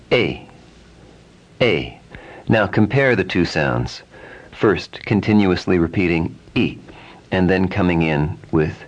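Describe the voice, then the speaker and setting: A man teaching Sanskrit pronunciation, speaking calmly and repeating vowel sounds again and again as drills. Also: low-pitched, muffled recording. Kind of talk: slow, deliberate pronunciation lesson.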